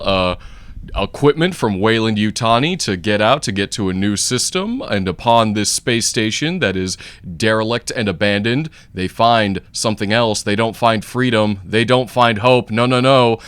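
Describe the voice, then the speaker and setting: A man's voice: lowish voice, fairly bright tone, smooth, no echo. A man co-hosting a casual movie review chat, telling the story with some dramatic flair. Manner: enthusiastic, tells plots with dramatic flair.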